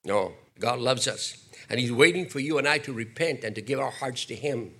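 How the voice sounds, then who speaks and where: Older man, pastor, sermon, lively swinging pitch, slightly husky. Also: normal speed. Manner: animated preaching with acted quotes and asides.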